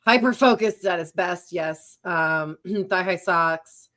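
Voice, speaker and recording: A woman's voice: on the low side, takes it slowly, a bit bright. A woman hosting a casual livestream chat about knitting, chatty and reading viewer comments aloud. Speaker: host.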